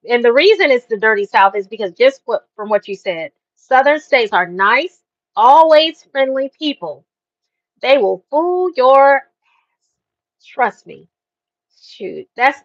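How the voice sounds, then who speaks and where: Animated woman chatting, slightly high voice. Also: no room sound. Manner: animated storytelling with slang. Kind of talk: casual chat. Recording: dull dry lo-fi sound.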